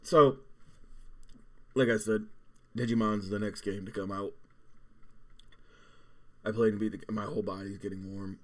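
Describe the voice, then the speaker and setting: A young man with a voice sitting on the low side talks casually to his viewers, his eyes streaming from a hot pepper. He keeps groaning and swearing, dropping his sentences halfway and picking them back up. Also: fairly even intonation, unhurried, long pauses, darkish tone. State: teary and burning from hot pepper. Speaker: gaming channel host. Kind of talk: casual vlog chat during a hot pepper challenge.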